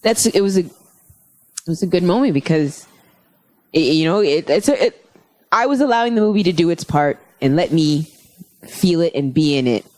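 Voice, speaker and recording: A woman comedian chatting casually on a podcast, telling stories in an animated, rambling way and swearing freely. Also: fairly low pitch, normal speed, long pauses. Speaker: guest comedian.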